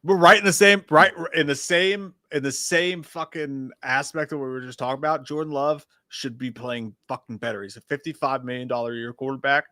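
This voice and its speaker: Man, co-host, bright tense voice, dry close sound, blunt profane rants. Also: mid-range voice, steady tone, fairly quick, few pauses, no echo. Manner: blunt, profane, heated ranting. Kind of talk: casual live-stream chat.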